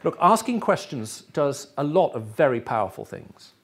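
A man's voice: on the high side, big pitch swings, normal speed, breathy edge. A middle-aged man with an English accent, raised in the Middle East, preaching a sermon to a live audience and often checking in with his listeners. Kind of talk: sermon teaching.

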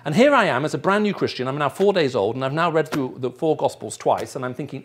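He talks fast and expressively at a fairly high pitch. A middle-aged man raised in the Middle East with an English accent, he is giving sermon teaching to a live audience and frequently checks in with his listeners.

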